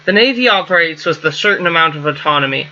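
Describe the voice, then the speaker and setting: A formal male starship crewmate from a space game, read out by a man in his own bright, fairly high voice. The lines come plainly, and the recording is a little muffled with a faint hiss. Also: lively intonation, fast talker, full character voice. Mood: explaining. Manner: plain read-aloud delivery.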